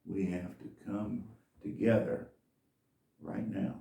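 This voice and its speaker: Deep gravelly man telling a story. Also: flat delivery, slow pace, warm tone, echoey room, far from the mic. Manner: rambling and folksy, with restarts. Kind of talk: casual storytelling monologue.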